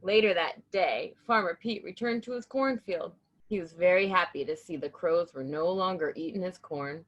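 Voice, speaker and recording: A woman hosting and reading a children's picture book aloud in an enthusiastic, animated way. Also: fairly low pitch, normal speed, highs cut off. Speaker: storybook reader and host.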